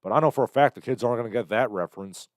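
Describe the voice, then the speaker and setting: A man's voice: medium pitch, racing, dry recording, clean studio sound. A young man hosting a casual livestream, rambling sardonically through chat comments. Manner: rambling, sardonic, bursts into loud impressions. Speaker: livestream host.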